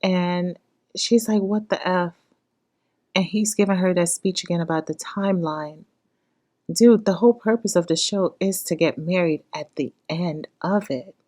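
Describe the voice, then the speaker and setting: A woman giving casual, emotional reaction commentary on a reality show, recapping scenes and breaking into loud exclamations and cursing. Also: on the low side, moderate pace. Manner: emotional, exclaims loudly, curses, shifts from hushed recap to excited outbursts. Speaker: reaction vlogger.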